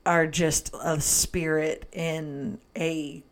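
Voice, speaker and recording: A woman with a notably low voice co-hosts a relaxed film chat. She is animated, laughs easily and jumps in over her co-host. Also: very slow. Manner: animated, laughs often, cuts in. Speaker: podcast co-host. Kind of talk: casual movie review chat.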